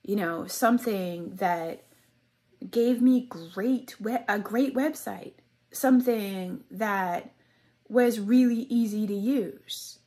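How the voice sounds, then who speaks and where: A woman speaks slowly and deliberately, her voice husky and a little breathy. She is angry and indignant, circling back to the same points. Her pitch sits in an ordinary middle range. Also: a little mellow. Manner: indignant, repetitive, drops to whispers when praying. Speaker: customer complaining about a web host. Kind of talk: angry personal rant vlog.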